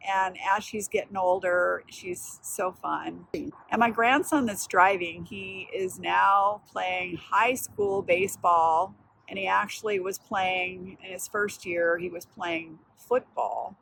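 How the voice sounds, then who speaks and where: Walking and pausing to rest in a park, an older woman hosts a casual vlog over background music, her medium-pitched voice a bit creaky. She talks about family in a warm, reflective, encouraging way, though the audio is poor, with some hiss or hum.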